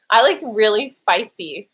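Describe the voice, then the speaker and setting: Her small son interrupts now and then as a Los Angeles-based woman vlogger, fighting a lingering cough, chats casually from her bed during a live Q&A for viewers. Her mid-range voice is a bit bright, and the old laptop's built-in mic gives a rough recording with slight background noise.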